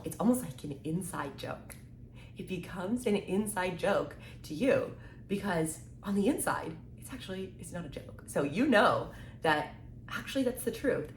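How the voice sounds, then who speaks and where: A chatty, upbeat woman in her 20s, a mindset content creator, gives a casual motivational talk to camera in a fairly low voice. She acts out quick quoted exchanges and often says "like" and "right?" The echoey room has faint ambience and a little hiss or hum.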